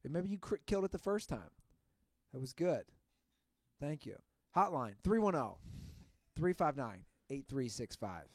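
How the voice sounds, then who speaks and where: A man's voice: mid-range voice, sing-song, normal speed, pauses often, darkish tone, dry recording, studio quality. A man co-hosting a podcast, chatting casually and emphatically about sports media. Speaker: podcast co-host. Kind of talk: casual chat.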